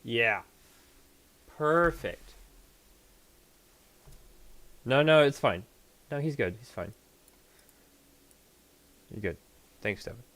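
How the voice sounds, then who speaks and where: A man narrates a tabletop game as its game master, at an unhurried, drawn-out pace. His delivery is loose and casual, full of hesitant fillers, with frequent laughter. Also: mid-range voice, expressive, a bit bright, no echo.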